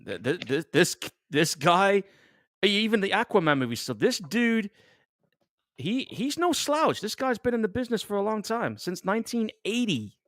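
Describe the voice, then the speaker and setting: A man's voice: high-pitched, big pitch swings, normal speed, fairly bright tone, no room sound, clean studio sound. A man from England, co-hosting casual live movie commentary, laid-back, chuckling and swearing casually. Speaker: co-host.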